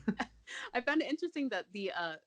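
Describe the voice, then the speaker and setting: A woman's voice: on the high side, sing-song, fairly quick, fairly bright tone, no room sound. Thoughtful woman on a dry mic. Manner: reflective, compares the show with the book. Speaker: podcast co-host. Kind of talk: casual chat.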